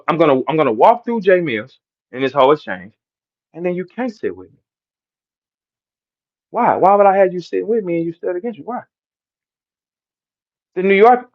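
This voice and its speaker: A middle-aged man with a St. rants and lectures, his voice pitched high and his manner preachy and profane. He speaks in a fiery sermon-like flow aimed at his listeners. The sound is dull and lo-fi, like a muffled stream. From St. Louis, Midwest US. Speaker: battle rapper ranting to listeners. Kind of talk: heated livestream rant.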